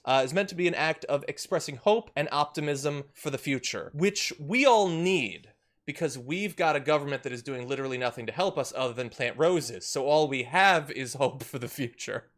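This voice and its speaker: A man hosting a political commentary show, talking in a sarcastic, lively way with frequent laughs. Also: on the high side. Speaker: show host.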